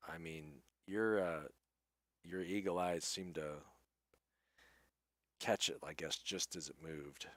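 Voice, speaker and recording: A man narrating as game master of a tabletop game, describing scenes in an unhurried, hesitant way with frequent fillers. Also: low-pitched, fairly even intonation, fairly bright tone, no echo, clean studio sound.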